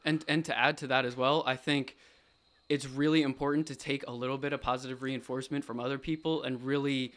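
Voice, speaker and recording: A man's voice: mid-range voice, flat delivery, fairly quick, a bit bright. A young man talking as a podcast guest in a studio, earnest and thoughtful, working his ideas out as he goes. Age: young adult. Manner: thoughtful, earnest, a bit rambling. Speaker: podcast guest, college athlete. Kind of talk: casual podcast chat.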